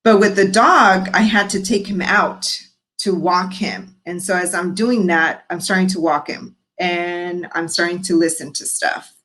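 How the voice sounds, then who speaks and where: A woman's voice: on the low side, steady tone, unhurried, a bit bright, low-quality recording. A woman guest in her thirties on a podcast, telling her story frankly and expressively, acting out the voices of people she quotes. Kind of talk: candid storytelling interview.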